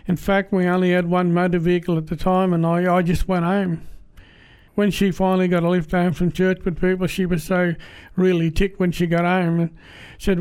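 An Australian man giving a personal church testimony in a plain-spoken, halting, earnest way. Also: high-pitched, little pitch movement, a little mellow, clear, resonant tone.

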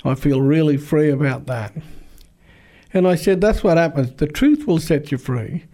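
A man preaching as a pastor, recounting a conversation with earnest repetition. His voice sits slightly high for a man and sounds mellow and warm rather than bright. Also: expressive, moderate pace. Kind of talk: sermon-style storytelling.

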